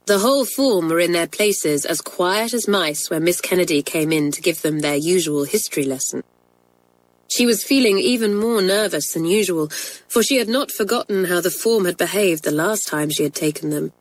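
A woman's voice: fairly low pitch, normal speed, dry recording, poor audio. Woman reading a children's story. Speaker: narrator.

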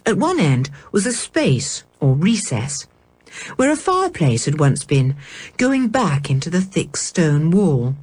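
A woman reading a children's storybook aloud in a measured, expressive way. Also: sits low, husky, dry recording. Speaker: audiobook reader. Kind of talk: storybook narration.

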